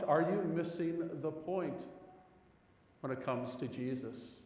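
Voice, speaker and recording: An unhurried man delivers a sermon as a pastor, animated as he tells stories and lifting his pitch on rhetorical questions with growing intensity. The low-quality recording sounds roomy and has a long reverb tail.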